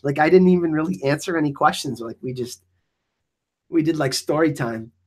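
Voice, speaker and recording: A man hosting a casual live Q&A stream, reading the chat; excitable, laughing often and saying "like" a lot. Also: on the high side, fairly quick, husky. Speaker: livestream host answering chat.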